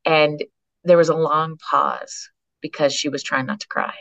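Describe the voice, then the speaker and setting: A woman's voice: low-pitched, measured pace, gravelly, dry recording. A woman from Canada, a psychologist and author, telling stories as a podcast guest and acting out the people she quotes. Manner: animated storyteller who acts out quoted voices. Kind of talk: storytelling in a conversation.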